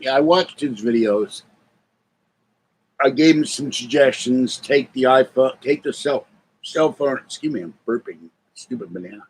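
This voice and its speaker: A man's voice: mid-range voice, poor audio. An older man chatting casually on a live stream from home, rambling between answers and cooing at his cats.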